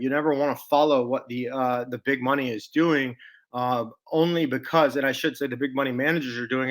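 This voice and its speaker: A man's voice: mid-range voice, fairly bright tone. A middle-aged man with a Texas accent giving chatty, folksy stock market commentary over a screen share, with salesy asides and restarts. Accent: Texan.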